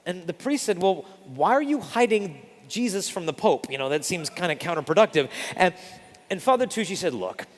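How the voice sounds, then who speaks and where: A man's voice: sits high, normal speed. A man giving a storytelling sermon, acting out the voices in his anecdotes. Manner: animated, acts out voices in anecdotes. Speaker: preacher. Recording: reverberant hall.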